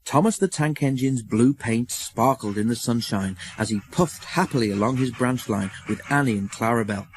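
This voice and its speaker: A man narrating a children's storybook in a measured, expressive way on a close studio mic. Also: mid-range voice, slight background noise.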